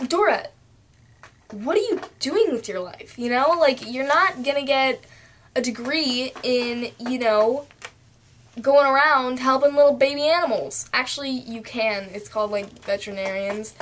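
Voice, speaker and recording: Young woman, casual vlog rant, filler-heavy, slightly high voice, cheap camera mic. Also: a bit bright, slight background noise. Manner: chatty, lots of fillers, jumps into quoted voices. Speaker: vlogger.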